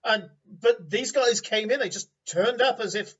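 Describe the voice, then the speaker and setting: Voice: mid-range voice, moderate pace, voice pushed up, lightly acted. A game master voicing a frightened male farmer who stammers nervously, heard on a distant, dull mic. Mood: shaken.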